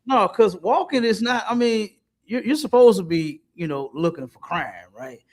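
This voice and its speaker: Animated high-voiced man telling stories. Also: moderate pace. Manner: animated storytelling with street slang. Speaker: podcast co-host. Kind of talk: casual chat.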